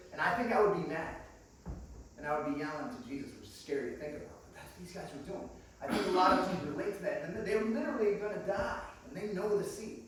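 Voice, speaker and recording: A man giving a sermon in a small church, telling stories and acting out the voices, swinging from quiet to loud. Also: fairly high pitch, quick pace, slight background noise. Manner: storytelling, acts out dialogue, swings from quiet to loud. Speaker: guest preacher. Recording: echoey church room, mic at a distance.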